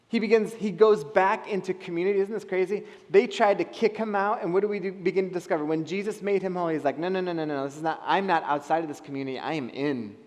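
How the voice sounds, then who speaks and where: A man preaching a sermon as pastor, animated, acting out the people in his story. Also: high-pitched. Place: church hall. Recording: long hall reverb.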